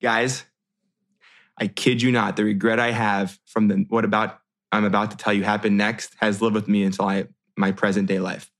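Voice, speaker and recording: A man in his thirties from the United States telling a personal story in a casual, animated way, with many restarts and fillers. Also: on the low side, a little fast, hardly any pauses. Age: 30s.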